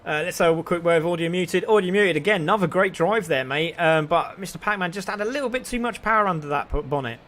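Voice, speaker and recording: A man doing live sim racing commentary, excitable and climbing with the action, his voice tiring and hoarse. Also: sits high, fast, hardly any pauses, a little hiss or hum. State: voice going hoarse.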